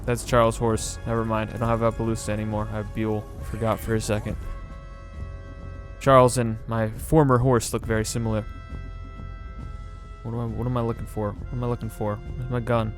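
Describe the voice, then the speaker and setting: A man's voice: fairly low pitch, flat delivery, brisk, over music. Sarcastic man commentating a video game. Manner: exasperated, sarcastic running commentary. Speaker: gaming video host. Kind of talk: casual let's-play commentary.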